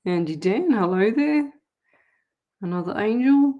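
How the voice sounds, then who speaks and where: A woman's voice: mid-range voice, lively intonation, unhurried, narrow, tinny audio. A woman hosting a live psychic call-in show, chatting easily, laughing often and reading out listeners' comments. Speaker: psychic medium radio host.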